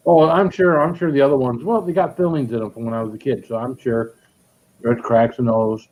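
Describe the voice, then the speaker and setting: A man's voice: mid-range voice, fairly even intonation, brisk, darkish tone, a little hiss or hum, low-quality recording. A man in a casual chat, talking in a blunt, plainspoken way.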